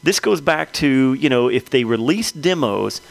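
Podcast dude, gravelly voice, mid pitch, rambles on and on. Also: male voice, lively intonation, a little slow. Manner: rambling, emphatic, many fillers. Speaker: podcast co-host. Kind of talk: casual chat.

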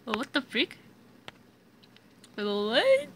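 A woman's voice: a little high, huge pitch swings, slow pace, fairly bright tone, a little hiss or hum, poor audio. A woman with a sore throat hosting casual let's-play commentary, giggling, rambling and repeating words as she plays. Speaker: gaming channel host. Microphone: phone mic.

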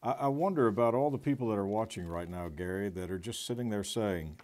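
A man's voice: fairly low pitch, fairly quick, a little mellow, slight background noise. A man co-hosting a talk show, speaking in a reflective, musing way. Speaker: co-host.

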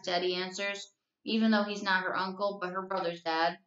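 A woman teacher reading a novel aloud to her class, telling the story at a steady, even pace. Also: medium pitch, normal speed. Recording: roomy, slightly dull recording.

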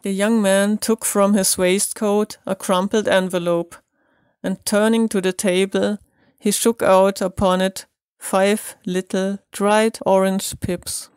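A woman from Bavaria with a German accent, a non-native speaker reading an audiobook aloud slowly and carefully. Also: medium pitch, flat delivery, darkish tone, clean tone, no echo, studio quality. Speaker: audiobook reader. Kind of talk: audiobook narration.

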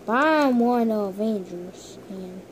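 A woman's voice: mid-range voice, lively intonation, takes it slowly, a little hiss or hum. A woman casually role-playing characters while gaming, with playful, dramatic trash talk.

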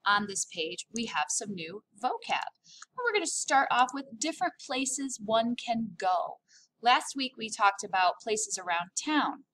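A woman's voice: fairly high pitch, big pitch swings, a little slow, pushed and bright. An upbeat, playful woman teaching a recorded French lesson, drawing out words to model pronunciation.

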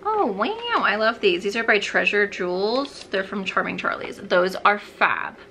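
A bubbly young woman chats casually while getting ready at home, rambling and thinking out loud. Her voice is bright and forward, with a faint room hum behind her. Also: medium pitch, steady tone, moderate pace, creaky. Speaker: beauty vlogger. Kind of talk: chatty get-ready-with-me vlog.

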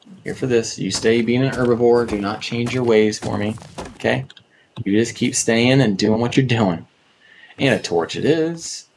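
A man's voice: medium pitch, moderate pace, gravelly, darkish tone, slight background noise. A man from North America giving casual commentary as he streams a survival game, chatting to himself and to the creatures and often repeating words. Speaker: gaming streamer.

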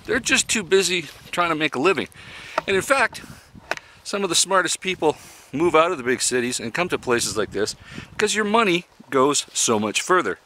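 A folksy man in his fifties from Canada speaks in a blunt, opinionated monologue, chuckling at his own jokes. His pitch rises and falls a lot, and his tone is bright and forceful. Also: expressive, moderate pace, a little hiss or hum. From Canada (Yukon). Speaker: vlogger living in an RV.

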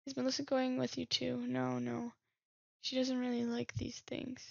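A woman with a high, gravelly, husky voice reads game messages aloud and chats about them as she plays. She speaks in a fairly flat tone, close to a dry, dull-sounding mic. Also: normal speed, dry recording. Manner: reads messages aloud, muses and laughs at herself. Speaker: gaming streamer. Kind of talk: reading game text aloud with commentary.

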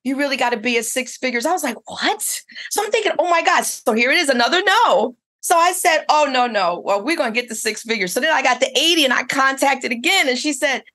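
A woman's voice: high-pitched, lively intonation, fast talker, few pauses, bright, forceful tone. A middle-aged woman who owns a spa, telling her story in a casual interview with eager, rambling restarts. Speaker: spa owner and esthetician.

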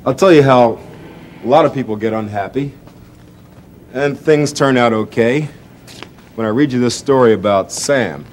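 Gentle man reading a children's story. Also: mid-range voice, normal speed, pauses often, a little hiss or hum. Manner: gentle, expressive storytelling, acting out the family's voices. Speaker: children's TV host. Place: TV studio set.

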